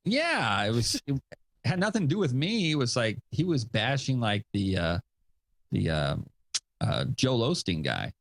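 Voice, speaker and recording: With a sing-song, unhurried delivery at medium pitch, this male show host chats casually on his podcast. He's a father of young kids who rambles with fillers and self-deprecating asides; there's no echo.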